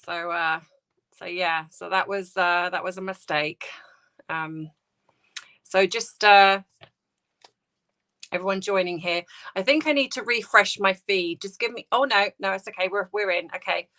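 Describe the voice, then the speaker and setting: A woman hosting a live stream, grieving and close to tears, talking haltingly and greeting viewers by name. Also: mid-range voice, bright, forceful tone. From United Kingdom. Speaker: livestream host. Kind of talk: emotional casual livestream chat.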